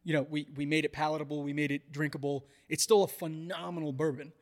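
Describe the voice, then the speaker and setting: Chatty man with a higher voice, reverberant. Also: little pitch movement, fast talker. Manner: chatty, hedging, many restarts. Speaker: podcast host. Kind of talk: casual chat.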